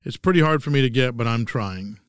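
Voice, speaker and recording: Texan man in his sixties, smooth voice. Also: mid-range voice, fairly quick, dry recording. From Texas. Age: 60s. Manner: dry wry humor. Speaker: host. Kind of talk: scripted monologue.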